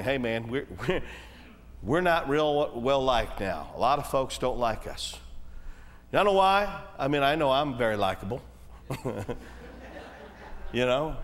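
A man preaching a sermon in a folksy, conversational way, swelling to emphatic peaks and then dropping low and slow, in a church hall. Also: a bit bright. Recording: long reverb of a church hall.

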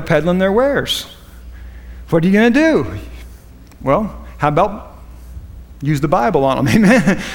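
A man's voice: high voice, in a large hall. A man preaching a sermon, fervent and repetitive, with rambling asides to the congregation.

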